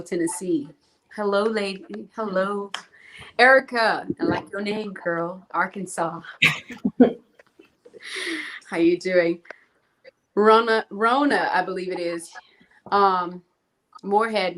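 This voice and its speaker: A woman's voice: medium pitch, a bit bright, a little hiss or hum, low-quality recording. A woman co-hosting a live show, reading out viewers' names and greetings in a chatty way. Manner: slow, chatty, laughing often. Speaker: co-host.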